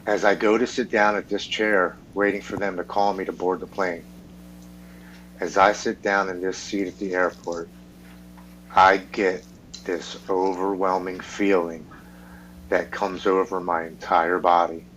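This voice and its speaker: A man with a fairly low voice tells his personal story frankly on a podcast. He swears freely and acts out what the other people in his story said. A faint hum sits under the recording. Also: little pitch movement, measured pace, fairly bright tone, highs cut off. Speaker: podcast guest.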